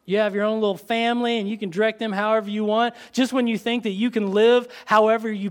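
Male preacher, high voice, expressive sermon delivery. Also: quick pace, few pauses. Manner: expressive, drops to soft intent tones for quotes.

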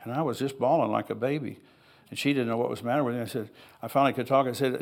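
A man's voice: medium pitch, steady tone, racing, vocal fry. An older man preaching a sermon in a church, reading scripture aloud and rambling into personal asides in an easygoing, conversational way. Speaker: pastor.

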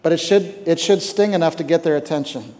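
A man's voice: fairly high pitch, brisk, a little mellow. A man giving a conversational sermon on parenting at a camp, stumbling over repeated words and asking the room rhetorical questions. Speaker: camp speaker. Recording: reverberant hall.

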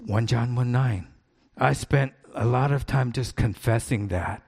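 A man's voice: mid-range voice, a little slow, gravelly, darkish tone, breathy edge. A middle-aged man, a pastor, preaching a sermon in an earnest, conversational way, repeating his key points for emphasis.

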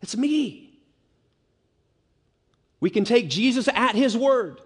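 A man's voice: very high-pitched, lively intonation, slow, husky. A male pastor preaching an expository sermon, stressing key words by repeating them. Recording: long reverb of a large hall.

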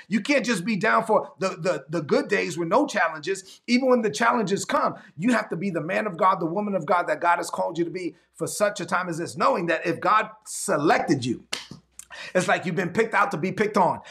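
A man's voice: high voice, vocal fry, bright, forceful tone. A man preaching a sermon to a livestream audience, speaking in repetitive, call-and-response phrases that rise to fervent, emphatic peaks.

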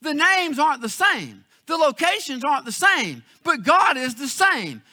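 A man preaching a sermon as pastor, telling a story with emphatic, then hushed, emotional delivery. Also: very high voice, big pitch swings, normal speed, no room sound, clean studio sound.

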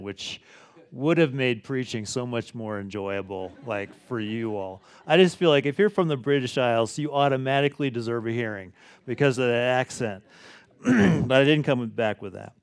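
A middle-aged pastor, preaching a sermon in a conversational, folksy way. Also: male voice, mid-range voice, clean tone, no room sound, clean studio sound.

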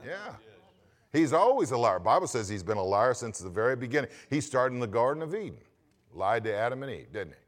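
A pastor delivering a sermon, his pitch swinging widely as he presses each point. He preaches with emphasis and keeps asking the congregation questions. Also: very animated, a little fast.

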